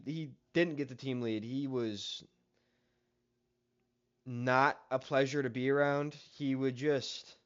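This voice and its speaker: A man's voice: mid-range voice, highs cut off. A young man telling a casual story about a coworker in a rambling, exasperated way, with plenty of swearing. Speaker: story-time vlogger.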